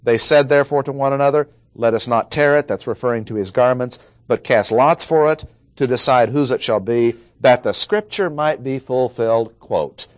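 A man preaching a verse-by-verse sermon in a medium-pitched voice. He speaks deliberately, leaning on key words and repeating points for emphasis. The sound is dry and close, with no room echo. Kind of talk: expository sermon.

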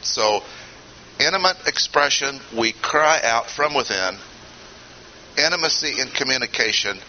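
A man teaching a Bible study in a deliberate, emphatic way with frequent pauses, on a dull lo-fi recording with faint hiss. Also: medium pitch, lively intonation, pushed and bright. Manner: deliberate, emphatic, pausing often. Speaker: preacher.

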